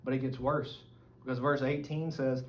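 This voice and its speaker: A man's voice: mid-range voice, little pitch movement, normal speed. A man with a Southern American accent teaching a church Bible study, reading scripture aloud and explaining it earnestly. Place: church meeting room. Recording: dull lo-fi recording, faint room noise.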